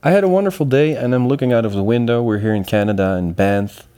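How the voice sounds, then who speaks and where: A middle-aged man from the Netherlands, a sound consultant and educator speaking calmly and thoughtfully in a casual interview. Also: mid-range voice, quick pace, clean tone.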